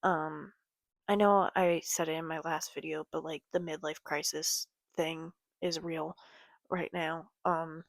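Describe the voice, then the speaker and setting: Slow, gravelly-voiced young woman vlogging. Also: low voice, flat delivery, no echo. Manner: halting, many ums and sighs, soft trailing voice. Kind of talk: casual late-night talk to camera. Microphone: computer or phone camera.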